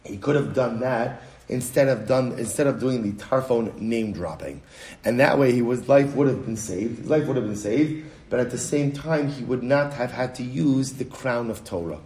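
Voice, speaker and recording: A man giving a lively Talmud lesson, firing rhetorical questions and repeating his points. His voice sits in a middle register. The room adds a noticeable echo around him. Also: medium pitch, moderate pace. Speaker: Torah teacher. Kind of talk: animated Talmud class.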